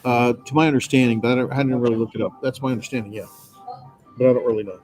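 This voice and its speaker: A male instructor gives a patient, reassuring classroom lecture in an everyday mid-range voice. He talks things through with plenty of filler sounds as he explains. Music plays clearly behind him. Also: mid-range voice, fairly even intonation, very fast, darkish tone, poor audio. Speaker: Greek grammar instructor. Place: classroom with students.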